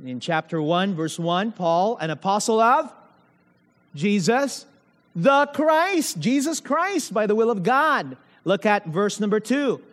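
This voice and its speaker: A man preaching a sermon, asking rhetorical questions and stressing key words with slow, emphatic phrasing. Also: high voice, lively intonation, in a large hall.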